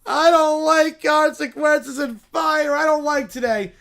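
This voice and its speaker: Man putting on a bear cub voice, bratty little boy, whiny, high-pitched, gravelly edge. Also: steady tone, a little slow, a bit bright, heavily acted. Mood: whining. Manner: whiny, petulant outbursts. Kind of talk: comedic voice acting of donated scripts.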